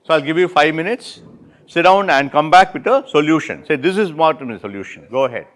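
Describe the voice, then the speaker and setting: A man with an Indian English accent running an interactive classroom workshop, repeating and rephrasing students' answers with brisk praise. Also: a little high, animated. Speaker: workshop instructor.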